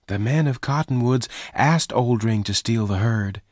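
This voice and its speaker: Man voicing a gentle lost young woman. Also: a little slow, dry recording, natural voice. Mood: quiet. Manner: soft, earnest, pitched well above his own voice. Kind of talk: read-aloud storybook voice.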